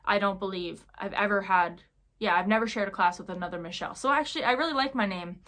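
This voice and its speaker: Chatty young woman with a bright voice. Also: medium pitch, fast. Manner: chatty, many fillers, animated storytelling. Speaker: YouTuber. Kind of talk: casual Q&A vlog.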